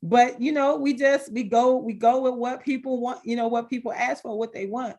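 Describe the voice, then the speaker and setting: A middle-aged woman on a video call, telling heartfelt stories in an expressive way and laughing now and then as she talks. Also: fairly high pitch, moderate pace. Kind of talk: heartfelt conversational storytelling.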